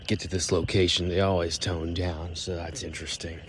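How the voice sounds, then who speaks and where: Guy with a really low voice just rambling on a walk outside, wordy and amused with himself, bit of faint outdoor hiss behind him. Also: little pitch movement. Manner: unhurried, wordy and self-amused, drifting into soft murmurs. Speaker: vlogger. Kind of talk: rambling walk-and-talk monologue.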